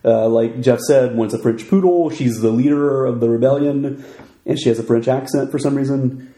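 Laid-back guy recapping a show, mellow low-key tone, lots of ums, roomy echo. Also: normal speed. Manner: relaxed, hesitant, many fillers. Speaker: podcast co-host. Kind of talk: casual chat recapping a TV episode. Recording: echoey room.

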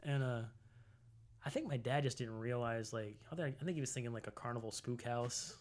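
This Tennessee man in his forties co-hosts a podcast, rambling through a story in relaxed chat stuffed with "like." He talks briskly in a somewhat dark tone and jumps to a high voice whenever he acts out a quote.

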